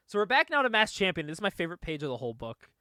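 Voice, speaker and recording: A man's voice: high-pitched, big pitch swings, very fast, sharp tone, clear, resonant tone, no room sound, studio quality. A man hosting a comic book podcast, recapping a story in casual chat, laughing often and swearing casually.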